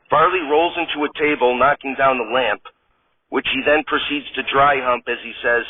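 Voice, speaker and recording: A man reading a comedy sketch's stage directions in a flat, deadpan way. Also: medium pitch, normal speed, a little hiss or hum. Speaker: sketch narrator. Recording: tinny phone-like sound.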